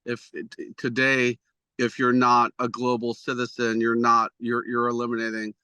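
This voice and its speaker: A man's voice: medium pitch, monotone, normal speed, bright, forceful tone, clear, resonant tone, dry recording. A man, an executive producer, answering interview questions in a rambling, self-deprecating way with many restarts.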